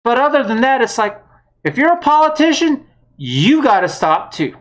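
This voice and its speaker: A woman's voice: sits high, sing-song, moderate pace. A woman giving a blunt, heated political opinion monologue, with some mild swearing. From United States. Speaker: vlogger.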